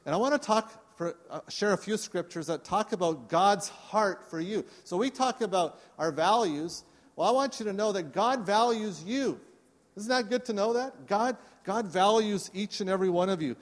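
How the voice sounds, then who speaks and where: A man's voice: high voice, normal speed. A man preaching a sermon to his congregation, earnest and inviting them to respond. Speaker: pastor. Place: church service. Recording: long reverb of a church hall.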